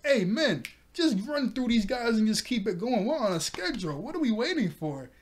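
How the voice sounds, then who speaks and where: A man's voice: sits high, steady tone, normal speed, a little mellow, pitched above the performer's own voice, lightly acted. A brash, impatient cartoon pirate officer, as a man puts him on. The voice is raised and bossy, and every line pushes the crew to hurry.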